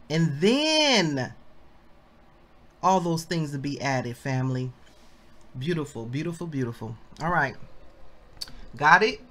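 A woman leading a Bible study, reading commentary aloud slowly and breaking into excited exclamations, calling her listeners family. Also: low-pitched. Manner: slow and deliberate, bursts into excited exclamations; addresses listeners as family, asks them questions.

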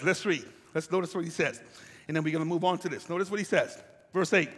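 A man's voice: on the high side, fast, fairly bright tone, slightly rough, big-room sound. An older man, a pastor, preaching a sermon in a conversational way, with asides to the congregation.

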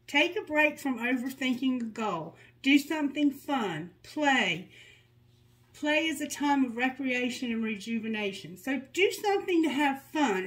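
A woman with a slightly high voice gives a tarot reading. She reads the card messages in a soothing, guiding tone. Between them she drops candid, joking remarks. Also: a bit bright, low-quality recording. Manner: candid and joking, with blunt asides. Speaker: tarot reader.

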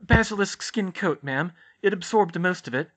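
Man doing a dazed matter-of-fact teen girl, raised pitch. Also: normal speed. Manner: absent, flat, matter-of-fact. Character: shaken, matter-of-fact teenage girl student. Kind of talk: audiobook character voice.

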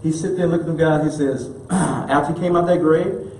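A man's voice: on the high side, fairly even intonation, fairly quick, mellow. A man preaching a sermon as minister, emphatic and colloquial, repeating key phrases for effect. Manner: casual colloquial delivery. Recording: echoey room with faint background noise.

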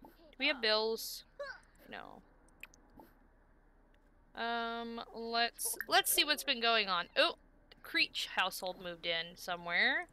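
A woman's voice: fairly high pitch, sing-song, slow, pauses often, pushed and bright, slight background noise. A woman streaming a life-sim game, chatting casually and coaxing the characters on screen. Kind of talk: casual gameplay commentary.

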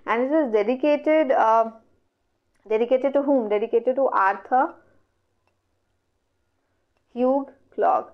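A woman's voice: fairly high pitch, takes it slowly, pauses often. A woman with an Indian English accent teaching an online exam revision lecture, working through questions step by step and asking herself questions that she then answers. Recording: dull lo-fi audio.

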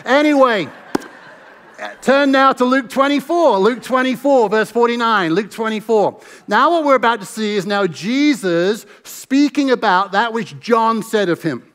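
A man's voice: extremely high pitch, expressive, normal speed, few pauses, a bit bright, big-room sound. An American man, a pastor, preaching an earnest sermon and reading scripture aloud with emphasis. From United States. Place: church sanctuary.

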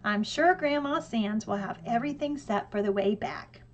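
A woman's voice: a little high, slight background noise, close to an everyday voice. A woman voicing an organized mother who methodically reads out a trip plan. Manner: methodical, brisk list-reading. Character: organized, businesslike mother laying out plans.

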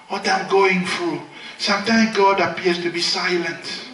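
Male preacher with a higher, bright voice who swings from loud, high exclamations to hushed lows, recorded from a distance in a reverberant hall. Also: steady tone, measured pace, slight background noise. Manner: dramatic swings from loud high exclamations to soft low murmurs. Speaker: pastor. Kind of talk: sermon. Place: large hall at a healing crusade. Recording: echoey hall, mic at a distance.

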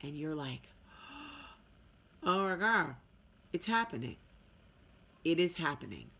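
A woman speaks straight to her viewers in a casual, motivational talk. Her voice sits a little low, and her delivery is chatty and emphatic. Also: very animated, normal speed, pushed and bright, breathy edge. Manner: chatty, emphatic, with sung asides. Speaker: vlog host.

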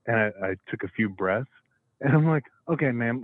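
A man from Tennessee calling into a radio show, telling a story in an animated way, acting out voices and laughing along. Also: medium pitch, fairly quick, no room sound. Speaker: caller. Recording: tinny dry phone line.

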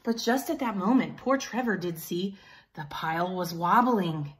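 A woman teacher reading a picture book aloud to children in an animated way, pausing to ask them questions. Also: on the low side. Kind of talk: children's story time.

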